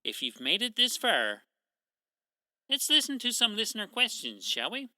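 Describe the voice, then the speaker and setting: A man with an Atlantic Canadian accent hosting a solo true crime podcast, telling it in a sarcastic, profane way with dark jokes. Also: sits high, huge pitch swings, normal speed, no echo, poor audio. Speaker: podcast host.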